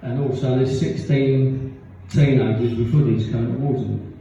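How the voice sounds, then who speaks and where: A man's voice: mid-range voice, steady tone, normal speed, gravelly, mellow, a little hiss or hum. A man telling rambling stand-up jokes at a pub gig, laughing at his own punchlines. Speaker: stand-up comedian. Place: pub function room with live audience. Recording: echoey, distant, dull audience recording.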